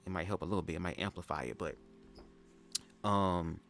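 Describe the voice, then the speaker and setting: A man hosting a casual livestream reaction chat, sassy and profane, telling stories and leaping into high-pitched impressions. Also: a little fast, vocal fry, fairly bright tone. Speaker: livestream host.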